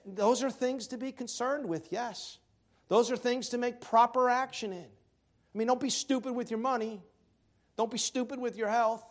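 Male pastor, high voice, animated sermon delivery with joking asides. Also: moderate pace. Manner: animated preaching, swings from loud emphasis to quiet asides.

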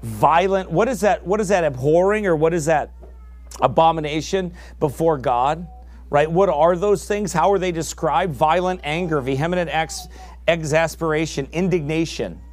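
Fiery preacher man, higher voice. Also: moderate pace. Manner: fiery, rising to shouts. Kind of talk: sermon.

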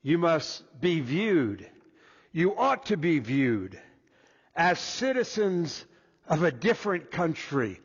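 High lively voice, slow preaching guy, trips on first words, dull lo-fi hall sound. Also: husky. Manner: deliberate, stammers on first words. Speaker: pastor. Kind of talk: sermon.

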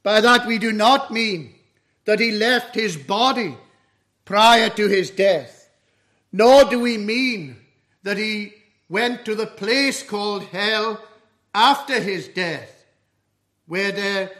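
A man preaching an expository sermon in a measured, solemn way. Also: high-pitched, fairly bright tone. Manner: slow, measured, solemn doctrinal delivery.

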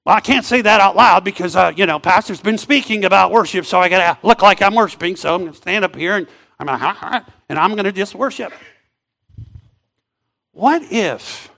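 High-voiced preacher, loud then hushed. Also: male voice, creaky. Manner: dramatic swings from loud to hushed, drawn-out phrases. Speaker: pastor. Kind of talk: sermon.

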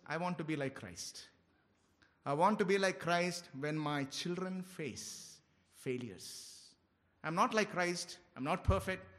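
Preacher guy, bright sharp voice, earnest, goes from quiet to loud exhorting. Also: high-pitched, long reverb tail. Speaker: pastor. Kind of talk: expository sermon.

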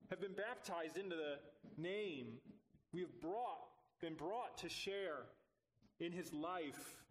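Earnest male preacher, slightly high voice. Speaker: pastor. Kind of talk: sermon.

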